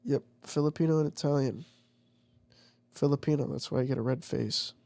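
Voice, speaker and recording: A man's voice: medium pitch, fairly even intonation, a little fast, vocal fry, dark tone. A man chatting casually and telling a profane, rambling story with lots of swearing. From United States. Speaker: vlogger. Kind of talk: casual chat.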